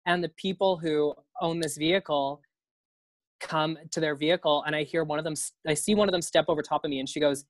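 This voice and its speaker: A man's voice: a little high, steady tone, fairly quick, no room sound. Chatty young man telling a wild story. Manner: chatty, swears freely, laughs often. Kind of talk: casual storytelling.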